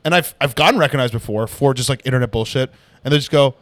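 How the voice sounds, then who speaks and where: A comedian guest telling animated stories in a casual podcast chat, with frequent swearing. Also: male voice, mid-range voice, fast talker, no echo. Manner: animated storyteller, swears a lot.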